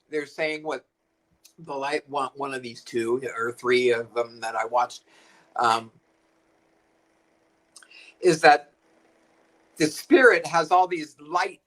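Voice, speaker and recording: A co-host joins a casual spiritual chat with a mid-range voice. The delivery is halting, stumbling over phrases and repeating words while working through ideas. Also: mid-range voice, fairly bright tone, poor audio.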